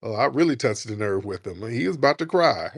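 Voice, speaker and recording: A man's voice: medium pitch, animated, fairly quick, vocal fry, dry recording, clean studio sound. A man hosting a live call-in roundtable, crude and taunting, laughing often. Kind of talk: live stream roundtable banter.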